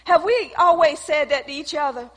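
Bright-voiced woman preaching in a hall. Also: high voice, moderate pace. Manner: conversational, calls to the congregation. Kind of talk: sermon with personal testimony.

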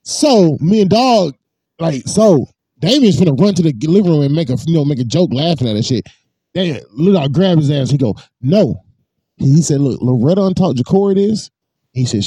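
A man telling a long, profane story in a casual podcast chat, swinging high and low as he acts it out. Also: expressive, a little fast, mellow, no echo.

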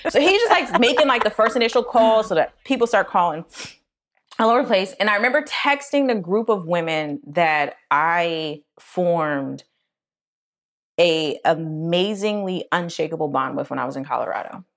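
A young adult woman co-hosting a podcast, telling a personal story in casual chat and acting out quoted voices. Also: moderate pace. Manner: animated, acts out quotes in a high voice. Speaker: podcast co-host.

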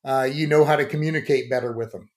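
A man's voice: mid-range voice, fairly even intonation, fast, darkish tone. A man hosting a podcast in easygoing casual chat, leaning on filler phrases as he leads into his questions. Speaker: podcast host.

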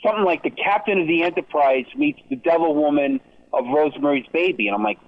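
A man's voice: fairly high pitch, sing-song, fast, gravelly. Earnest man on a tinny phone line. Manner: rambling, talks over others, earnest. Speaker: event organizer, guest. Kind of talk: casual podcast conversation. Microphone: phone or call audio.

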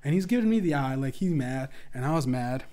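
A man hosting a podcast, telling a profane story casually and acting out other people's lines in a higher voice. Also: fairly quick. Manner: profane, animated, acts out quotes in a higher voice. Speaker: podcast host.

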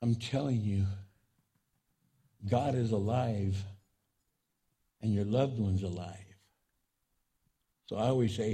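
A male pastor delivering a sermon to a grieving congregation, his voice mellow and a little husky. He repeats phrases for emphasis and builds into impassioned, soaring passages. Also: takes it slowly, long pauses. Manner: impassioned preaching, swelling up high in pitch and volume. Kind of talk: sermon at a remembrance service.

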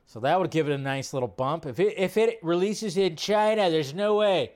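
A man's voice: on the high side, animated, moderate pace, a little mellow. A man hosting a live movie news stream, talking casually and with enthusiasm, often riffing by repeating words.

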